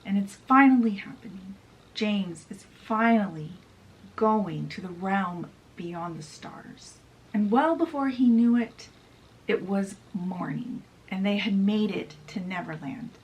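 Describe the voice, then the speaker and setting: A woman's voice: medium pitch, expressive, slow pace, dull audio. A woman casually summarizing a fantasy novel in a chatty way, often saying "he's like". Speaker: book reviewer.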